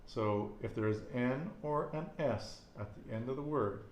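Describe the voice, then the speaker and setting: A man's voice: mid-range voice, measured pace, darkish tone, slight background noise. Patient man teaching Spanish in an echoey room. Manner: patient, repeats words and asks questions. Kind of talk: casual language lesson.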